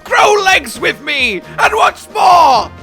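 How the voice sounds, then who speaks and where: A man voicing a male snake revolutionary leader, delivering a bombastic, shouted rallying speech to his brothers in a game commentary. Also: very high-pitched, sing-song, slow, vocal fry, faint music behind, voice pushed up, full character voice. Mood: rousing, bombastic.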